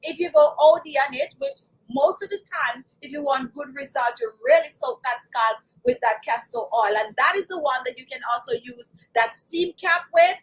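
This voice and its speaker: A woman's voice: high voice, moderate pace, few pauses, low-quality recording. A woman hosting a live beauty stream, talking in a chatty, emphatic way and repeating her key words as she speaks to viewers. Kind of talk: live-stream hair care talk.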